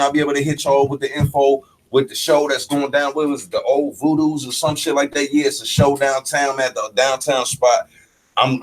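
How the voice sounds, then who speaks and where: A man's voice: medium pitch, poor audio. A young man from Pennsylvania, a rapper guest on a radio show, talking loosely and spelling out his handles. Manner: laid-back, swearing, spells out names. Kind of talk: casual radio chat.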